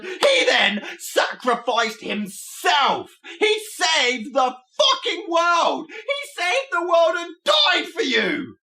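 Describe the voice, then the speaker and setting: A woman with a very high, bright voice, ranting in exasperation in a commentary clip. Her pitch swings widely. The room is echoey. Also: sing-song, slow pace, hardly any pauses. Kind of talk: video commentary rant.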